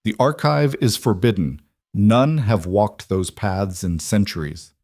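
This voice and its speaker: A man's voice: on the low side, measured pace, darkish tone, dry recording, studio quality. A man voicing a huge, scarred, fierce wolf-pack alpha who growls his lines in a thick northern accent and speaks with solemn weight. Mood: menacing.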